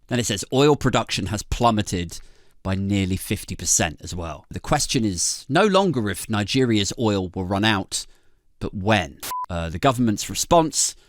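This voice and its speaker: This British man co-hosts a comedy podcast, where he swears, laughs a lot and rants with sarcasm in a swooping pitch. His tone is a bit bright, and the studio recording is clean with no room sound.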